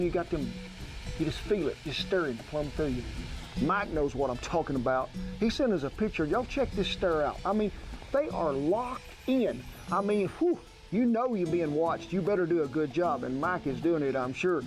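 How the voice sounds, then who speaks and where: Folksy man cooking outdoors. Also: a little high. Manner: folksy, homespun talk. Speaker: outdoor cook. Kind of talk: cooking demonstration.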